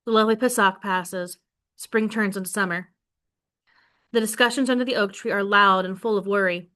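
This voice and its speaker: A woman teacher reading a novel aloud to her class in an expressive way, then setting questions for the class. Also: mid-range voice, normal speed. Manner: expressive read-aloud, voicing quoted lines with more force.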